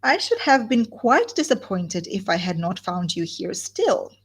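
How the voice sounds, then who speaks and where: A falsely sweet young woman gushing with over-eager emphasis, as a woman reads her lines. The voice has a slightly husky, breathy edge, at a middling pitch. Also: expressive, normal speed.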